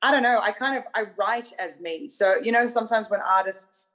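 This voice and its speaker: A woman's voice: medium pitch, brisk, fairly bright tone. A woman songwriter chatting casually as a podcast guest, talkative and self-mocking, laughing often.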